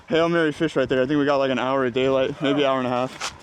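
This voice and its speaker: A man's voice: mid-range voice, quick pace, hardly any pauses. A man hosting a fishing video, talking energetically and breathlessly as he fights a fish from a bridge. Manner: energetic, exclaiming, breathless bursts. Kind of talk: excited outdoor fishing vlog chatter. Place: outdoors on a bridge over the water. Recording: outdoor wind and water noise.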